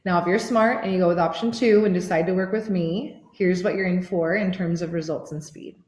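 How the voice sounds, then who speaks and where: A woman's voice: fairly low pitch, brisk. Gushing, foul-mouthed woman coach in an echoey room. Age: 30s. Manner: gushing, excitable, swears freely. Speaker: women's life coach. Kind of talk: motivational workshop pitch.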